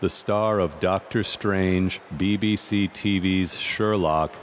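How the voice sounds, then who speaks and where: A man voicing a sarcastic, bored announcer at a convention, deadpan in tone. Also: low-pitched, slight background noise.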